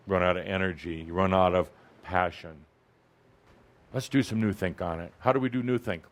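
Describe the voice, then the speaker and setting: A man giving a spiritual talk to a live audience, teasing and emphatic, jumping between loud high bursts and low asides. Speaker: spiritual teacher addressing an audience.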